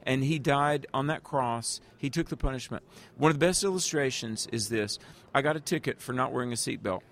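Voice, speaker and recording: An earnest man, talking like an evangelist in an interview. He tells his stories in a middle-pitched voice and turns to address the listener directly as "friend." The delivery is warm and preaching-like. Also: brisk. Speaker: guest evangelist.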